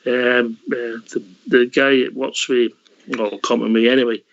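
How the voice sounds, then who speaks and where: A man hosting a call-in radio show, brisk and matey as he steers the talk. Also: mid-range voice, level tone, creaky. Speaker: host. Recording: slightly dull lo-fi audio.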